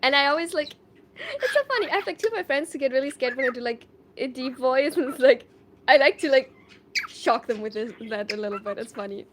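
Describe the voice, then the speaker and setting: A woman's voice: sits high, expressive, a little fast, background noise. A woman from Germany, a live streamer chatting casually, reading viewer comments aloud and laughing often.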